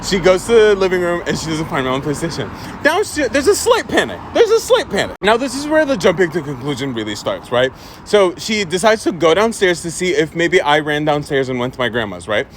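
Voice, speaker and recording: Sex: man. Origin: Egypt. Style: casual storytime vlog, chatty, full of "like" and "right?". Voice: high, swooping pitch. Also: brisk, slight background noise. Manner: chatty, animated, heavy use of "like" and "right?".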